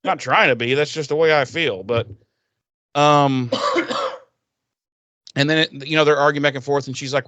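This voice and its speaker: A man co-hosting a podcast who recaps a TV episode in casual, profane talk, laughing often and getting animated. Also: fairly high pitch, measured pace, pauses often, dry recording. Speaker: podcast co-host.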